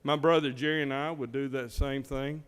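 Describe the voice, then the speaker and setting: A man's voice: mid-range voice, steady tone, moderate pace, clear, resonant tone. A man state senator giving a heartfelt, tender floor tribute. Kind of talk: floor speech. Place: legislative chamber.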